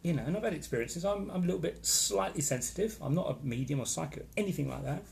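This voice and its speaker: A man's voice: fairly high pitch, expressive, quick pace, vocal fry, a little mellow, a little hiss or hum. A man hosting a casual live stream, chatting with opinions and greeting viewers by name as he reads their comments. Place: holiday location in Florida.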